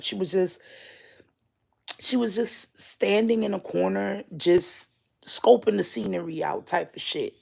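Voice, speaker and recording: Gravelly, husky woman telling a story. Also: medium pitch, darkish tone. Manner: candid, swears freely; slow and drawn out. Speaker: vlogger. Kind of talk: casual storytelling about dreams.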